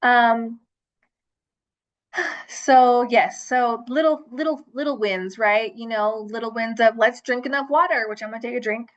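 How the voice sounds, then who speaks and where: A woman's voice: fairly high pitch, fairly even intonation, measured pace, muffled recording. A woman hosting a self-love livestream, chatting casually with lots of fillers and restarts. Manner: chatty, rambling, with many fillers.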